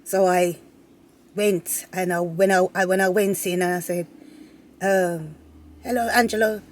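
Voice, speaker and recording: A woman telling a personal story to her viewers in a casual, animated way, often repeating phrases and laughing. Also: fairly low pitch, unhurried, slight background noise. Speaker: vlogger.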